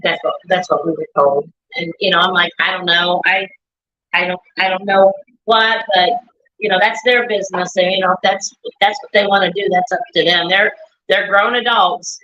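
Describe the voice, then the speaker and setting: A woman's voice: lowish voice, steady tone, moderate pace, sharp tone. A woman, a mother, talking in a rambling casual chat, often quoting her son and herself. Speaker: grieving mother and guest. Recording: dull lo-fi stream audio.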